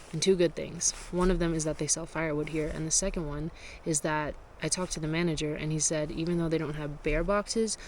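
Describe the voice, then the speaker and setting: Wind and outdoor noise spill across the mic as a weary solo cyclist vlogs to camera from a gravel road, speaking candidly and reflectively about her troubles. Her voice is lowish and darkish, and the audio quality is poor.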